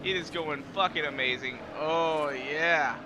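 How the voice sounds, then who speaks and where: A man's voice: a little high, unhurried. A man giving live, profane commentary on his racing gameplay, trash-talking rivals as he drives. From United States. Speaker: streamer. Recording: loud game engine noise underneath. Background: racing game car engines.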